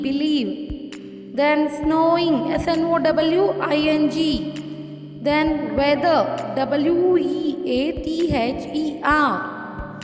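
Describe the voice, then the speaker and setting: A woman teacher with a high voice talks slowly and carefully, spelling words out letter by letter for children. She is recorded in an echoey room with a long reverb tail. Faint music plays behind her. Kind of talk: dictating a lesson, spelling words.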